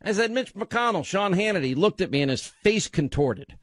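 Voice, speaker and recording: A middle-aged man hosts a call-in radio show, ranting forcefully with a frustrated edge. His voice sits a little high. The studio sound is dry and close. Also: expressive, normal speed, dry recording. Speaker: radio talk show host.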